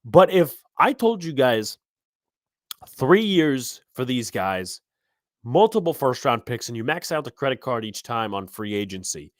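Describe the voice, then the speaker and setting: A man hosting a live sports podcast, ranting heatedly and profanely about his team, his voice swelling loud when angry. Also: medium pitch, no echo, studio quality. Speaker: podcast host.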